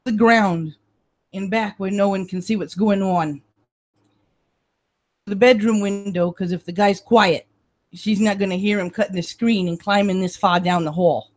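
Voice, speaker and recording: A gruff middle-aged cop in a storybook reading, as a woman puts him on, talking in a Brooklyn accent. He speaks bluntly in short clipped lines, a bit louder than the story around him, at a middle pitch. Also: fairly even intonation, a little slow, lightly acted. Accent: put-on Brooklyn. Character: gruff middle-aged male police detective.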